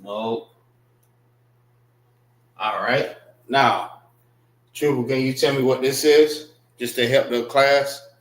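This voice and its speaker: Man teaching a class, very slow and patient with his words, in an echoey classroom. Mid-range voice. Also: mid-range voice, steady tone. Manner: patient, repeats words slowly, spells them out. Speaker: class instructor. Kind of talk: classroom lesson on writing and pronunciation.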